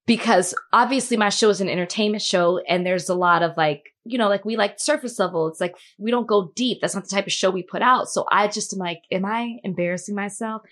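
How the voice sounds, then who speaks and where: A woman's voice: medium pitch, brisk, few pauses, fairly bright tone. A woman who hosts an entertainment show, chatting casually and filling her talk with "like". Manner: chatty, many "like" fillers, acts out quoted dialogue. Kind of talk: casual chat.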